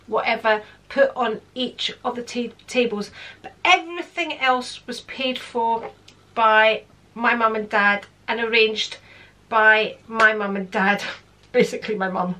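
A woman tells a personal story in a chatty, meandering way, with plenty of fillers. Her voice sits a little high and has a sharp, bright edge. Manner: chatty, digressive, with frequent fillers. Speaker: vlogger. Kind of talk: casual storytelling.

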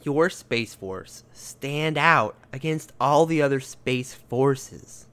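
A man's voice: medium pitch, takes it slowly, fairly bright tone, clean tone. Joking male podcast co-host. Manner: rambling, joking, laughs often. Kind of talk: casual comedic banter.

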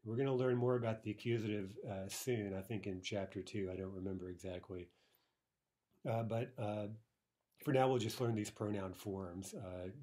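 Male language teacher, low husky voice, easygoing explainer who keeps checking in. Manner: relaxed, many uh fillers and "right?" checks. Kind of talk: recorded lesson explaining grammar.

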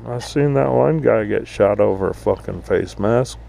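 A man's voice: fairly low pitch, moderate pace, vocal fry, hardly any pauses, warm tone. A man ranting bluntly and profanely in a casual outdoor vlog at an RV park. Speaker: vlogger.

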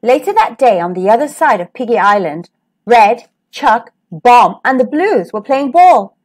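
A woman hosting a storytime channel, reading a children's picture book aloud with lively expression. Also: fairly high pitch, measured pace. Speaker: storytime host.

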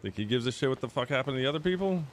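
A man's voice: mid-range voice, lively intonation, rapid-fire, a little hiss or hum. A man streaming a role-play game, chatting casually in character and swearing freely.

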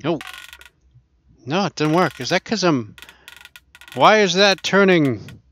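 A man's voice: fairly high pitch, lively intonation, slow, fairly bright tone. A man casually commenting while he plays a VR archery game, chatting and laughing to himself as he goes. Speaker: gaming channel host.

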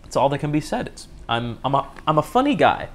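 Brisk and a bit bright, his high-leaning voice swinging widely in pitch, the young host rambles through his solo podcast. He makes fun of himself and frequently restarts sentences, with slight background noise audible.

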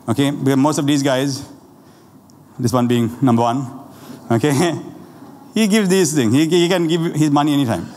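A man preaching a lively, conversational sermon, laughing often and talking straight to the congregation, with a Sri Lankan accent. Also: a little high, slight background noise. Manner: animated, laughing often, asides to the audience. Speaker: pastor. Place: church hall. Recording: roomy church hall with faint ambience.

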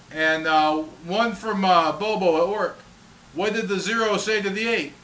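A man's voice: high-pitched, unhurried, fairly bright tone, distant mic. A man hosting his own casual video diary, telling jokes and laughing at them, recorded on a camcorder's built-in mic. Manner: sings a jingle, tells jokes and laughs at them. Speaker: vlog host.

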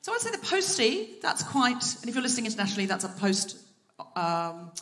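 Woman, comedy host, slightly high voice, teasing crowd work, live theatre, clicking noise in the recording. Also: wildly swooping pitch. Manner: playful, self-mocking, quick banter with the audience. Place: theatre stage before a live audience.

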